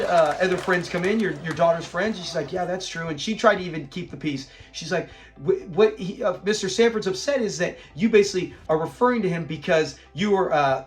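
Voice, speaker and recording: A man hosting a casual episode review, retelling scenes with lively acted-out lines and frequent laughs. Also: a little high. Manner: animated retelling, acts out the characters' lines, laughs often.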